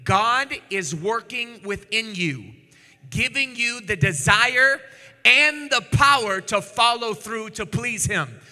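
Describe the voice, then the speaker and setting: High, bright-voiced preacher in a reverberant hall. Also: male voice, animated, takes it slowly. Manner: dramatic scripture reading, acting out voices, builds to shouting. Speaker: pastor. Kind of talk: sermon. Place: church sanctuary. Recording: long church hall reverb.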